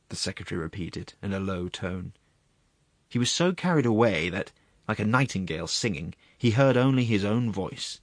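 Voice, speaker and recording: Man reading a story, low voice, even and deadpan, dry close mic. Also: normal speed, no room sound. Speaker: narrator. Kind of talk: audiobook narration.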